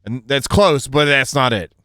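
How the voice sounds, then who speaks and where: A man's voice: medium pitch, normal speed, sharp tone, no room sound, clean studio sound. A man from Georgia, USA, streaming a game and chatting casually in a rambling, repetitive way. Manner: rambling, repeats himself, hesitant fillers. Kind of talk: casual gaming commentary.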